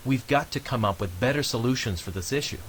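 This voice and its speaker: An actor voicing a calm male health official, giving measured, instructive advice in a scripted game voice-over. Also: mid-range voice, slight background noise, close to an everyday voice, low-quality recording.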